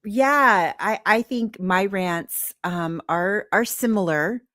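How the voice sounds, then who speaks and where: A woman's voice: mid-range voice, takes it slowly, fairly bright tone, dry recording, clean studio sound. A woman hosting a podcast, guiding the talk in an encouraging, supportive way. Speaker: podcast host. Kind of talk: candid podcast conversation.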